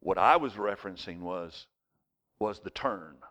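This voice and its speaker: A man, preaching a sermon as pastor of his congregation, mixing scripture with personal stories and acted-out shouts. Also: animated, a little slow. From United States. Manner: storytelling preacher, jumps to high shouted voices in anecdotes.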